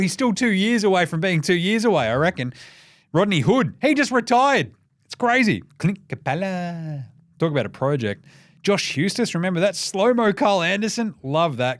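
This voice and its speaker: A young Australian man runs through the night's basketball scores in a loose, sweary, rambling way. His voice sits a little high, and it comes across dry and close with no room sound. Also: dry recording. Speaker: NBA recap podcast host. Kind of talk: casual sports recap.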